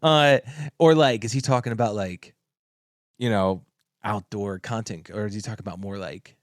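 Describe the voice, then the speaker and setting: A man's voice: lowish voice, moderate pace, no room sound, clean studio sound. A man co-hosting a podcast, telling a swear-laden story in casual chat and laughing as he talks. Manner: profane, storytelling, laughs often. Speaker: podcast co-host.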